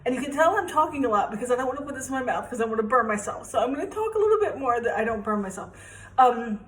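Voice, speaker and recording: A young woman with a fairly high voice talks her way through a home cooking demo. Her talk is chatty and rambling, with a self-deprecating streak. The kitchen around her sounds echoey. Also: animated, very fast. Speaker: home cook vlogger. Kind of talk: casual cooking demonstration.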